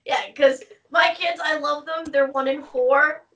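A woman's voice: sits high, steady tone, unhurried, a bit bright, distant mic. A woman in her thirties on a casual podcast chat, frank and swearing casually. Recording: voice from off the mic.

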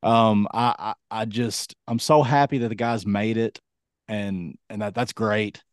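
A man co-hosting a casual sports podcast, rambling and hesitant with many ums, his voice going a bit hoarse. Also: lowish voice, fairly even intonation, moderate pace, no room sound, clean studio sound. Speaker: podcast co-host.

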